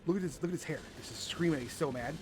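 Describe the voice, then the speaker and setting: Male gamer host, high and bouncy voice, playful running commentary, slight background hiss. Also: very fast. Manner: playful, animated, exclaiming often. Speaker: gaming video host. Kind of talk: excited gameplay commentary.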